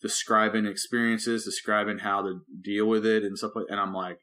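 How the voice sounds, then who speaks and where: A man who is a pastor and podcast co-host, talking casually in rambling, animated bursts full of restarts. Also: lowish voice, normal speed. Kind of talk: casual chat.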